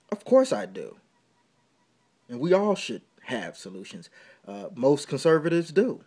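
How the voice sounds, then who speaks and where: A man's voice: medium pitch, very animated, measured pace, long pauses, husky. A man hosting a talk radio show, delivering an impassioned, preachy monologue from a small indoor room. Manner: impassioned and preachy, building to loud emphatic outbursts.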